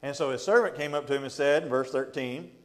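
Folksy pastor in an echoing church. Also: male voice, mid-range voice, fast talker. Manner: folksy, joking, laughs between points. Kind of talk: Bible study teaching. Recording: long hall reverb.

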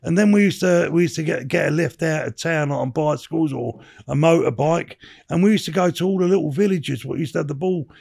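A man's voice: on the high side, brisk, creaky, few pauses, darkish tone, slightly rough. A man in his sixties telling rambling stories as a podcast guest, swearing and dropping "you know what I mean" throughout. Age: 60s. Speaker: podcast guest, former bare-knuckle boxer. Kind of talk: casual interview storytelling.

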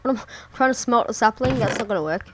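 A woman's voice: on the high side, animated, fairly quick, noisy background. A woman giving casual let's-play commentary, muttering to herself and swearing often as she plays. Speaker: gameplay commentator.

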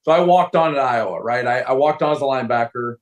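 A man's voice: mid-range voice, fast, lo-fi sound. A man in his forties, a former football player, telling a long story as a guest and acting out other people's lines. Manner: animated storyteller, acts out voices of coaches. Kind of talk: casual storytelling interview.

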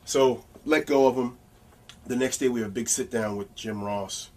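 A man as an interview guest, telling casual anecdotes in an animated, blunt way with some profanity. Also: mid-range voice, normal speed, distant mic.

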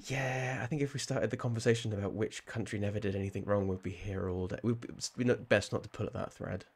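A man's voice: on the low side, steady tone, fast, husky. A man with a southern English accent, chatting casually with viewers while playing a game on a live stream, rambling and laughing often. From southern England.

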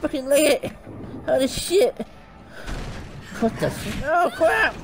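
A man doing gaming commentary, swearing constantly and yelping and shouting in panic as he plays. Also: very high voice, lively intonation, slow, over music. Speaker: gaming streamer. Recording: noisy, with game sounds behind. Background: game sounds.

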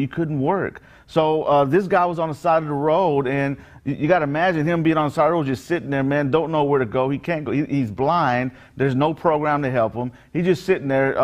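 Earnest, slightly high-voiced male pastor. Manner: conversational and earnest, with frequent fillers and restarts. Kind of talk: short daily devotional message.

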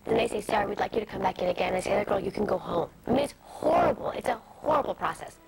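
A woman in her twenties telling stories as an interview guest, fast and animated, with many asides. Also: medium pitch, vocal fry, soft background music. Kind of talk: candid storytelling interview. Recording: noisy early-2000s TV broadcast audio.

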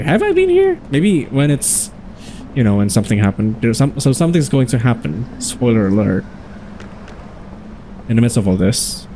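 A man's voice: on the low side, vocal fry, dark tone, slight background noise. A man hosting his own gaming videos, chatting casually and thinking aloud as he plays. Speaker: gaming channel host. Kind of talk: casual let's-play commentary.

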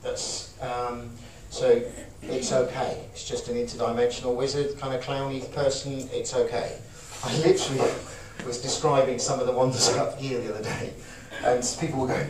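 A man's voice: medium pitch, moderate pace. A man giving an informal, joking talk to a live audience, acting out emotions as he goes. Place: small event room. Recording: echoey room, voice from far off, audible noise.

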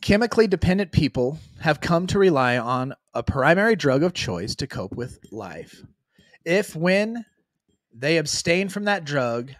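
A man's voice: a little high, no room sound, studio quality. Laughing man talking about recovery. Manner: animated, laughs often, reads passages then explains. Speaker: recovery podcast host. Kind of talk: casual recovery talk stream.

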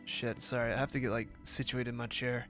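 A sleepy young man talks over a story game in a loose, rambling let's-play voice, swearing freely. His pitch sits in an ordinary middle range, and faint music runs underneath. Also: level tone, a little fast, a bit bright. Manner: rambling, casual, swears a lot. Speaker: gaming video host. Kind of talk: casual let's-play commentary.

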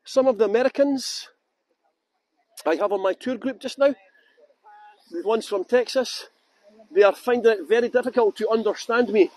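Scottish man, middle-aged, high-pitched, chatty tour guide, laughs a lot, walking streets at night, phone mic. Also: normal speed, pauses often, a little mellow. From Scotland. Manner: chatty, laughs often, talks to viewers by name. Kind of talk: live-streamed walking tour commentary. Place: outdoors on town streets at night.

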